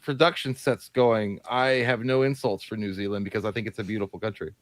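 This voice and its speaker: A man's voice: lowish voice, steady tone, brisk, no echo. A man co-hosting a live movie stream, reading out viewer messages and bantering with crude jokes. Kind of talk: casual live-stream chat.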